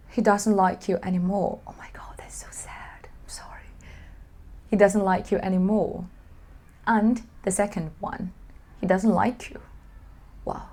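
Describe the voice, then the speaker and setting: Woman, online language teacher, clear explaining tone, whispered asides. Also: mid-range voice, darkish tone.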